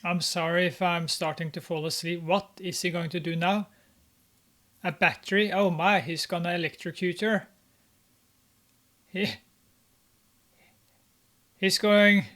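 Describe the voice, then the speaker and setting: A man's voice: sits high, steady tone, normal speed, pauses often, fairly bright tone. A man giving casual, mocking commentary on a film, with sarcastic remarks and many "uh" fillers. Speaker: movie reviewer.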